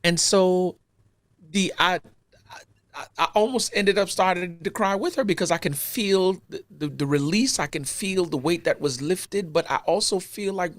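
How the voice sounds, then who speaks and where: A man's voice: high voice, expressive, moderate pace, no echo. A man co-hosting a podcast, telling a personal story in casual chat with easy slang and an earnest tone. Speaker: podcast co-host.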